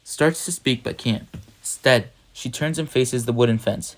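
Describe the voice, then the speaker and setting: A man narrating a novel in a measured, even storytelling manner. His voice sits in a middle pitch. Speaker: audiobook narrator. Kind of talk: scripted narration.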